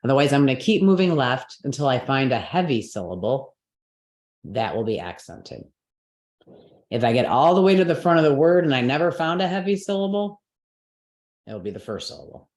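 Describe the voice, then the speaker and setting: Very animated and slightly mellow, a woman with an extremely low voice speaks at a moderate pace. She teaches Sanskrit pronunciation in an explanatory online class recorded with roomy echo, patiently checking understanding with frequent "right?" and "okay".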